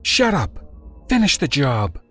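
Man doing a high-pitched, bossy woman crook, sarcastic and threatening, for a horror audio story. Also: wildly swooping pitch, slow, fairly bright tone, breathy edge, soft background music, heavily acted. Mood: sarcastic menacing. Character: tough sarcastic woman criminal, menacing.

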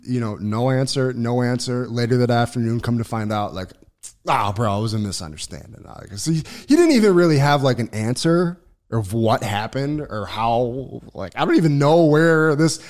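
A man telling a long personal story on a casual podcast, swearing freely, restarting sentences and getting loud when excited. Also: medium pitch, normal speed. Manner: profane, rambling, lots of restarts and fillers; gets loud and excited when reliving events. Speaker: podcast co-host.

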